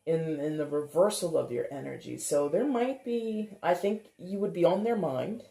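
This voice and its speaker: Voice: medium pitch, normal speed, creaky, dark tone. A tarot reader giving a casual reading, chatty and thinking aloud, with frequent laughs. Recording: roomy echo.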